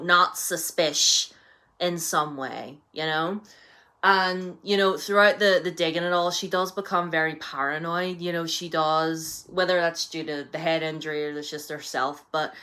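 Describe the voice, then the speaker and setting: A young woman casually reviewing a book on her vlog, chatty and animated, full of "you know" fillers. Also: fairly low pitch.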